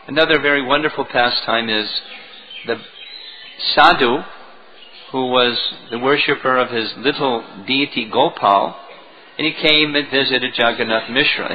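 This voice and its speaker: A man lecturing as a spiritual teacher, retelling a devotional story in an animated way, on a dull lo-fi recording. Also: mid-range voice, a little hiss or hum. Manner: animated storytelling, chuckling at moments.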